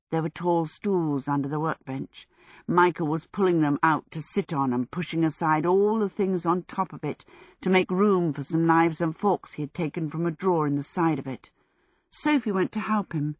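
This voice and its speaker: A woman reading a story aloud in a measured, even way. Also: low voice, no echo, studio quality. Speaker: narrator. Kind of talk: audiobook reading.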